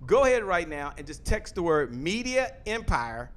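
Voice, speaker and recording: A man hosting an online show, loudly and quickly pitching his offer to the camera and repeating phrases for emphasis, from a home studio. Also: sing-song, a little hiss or hum. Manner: loud, fast-talking, emphatic, repeats phrases. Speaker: host. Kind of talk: energetic sales pitch to camera. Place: home studio with a photo wall backdrop.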